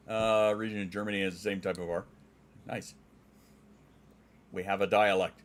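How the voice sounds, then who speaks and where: Middle-aged Western Canadian man, deep-ish. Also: steady tone, normal speed, long pauses. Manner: clear enunciating, trained voice; joking, dad jokes. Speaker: streamer. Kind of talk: casual chat reading viewer comments.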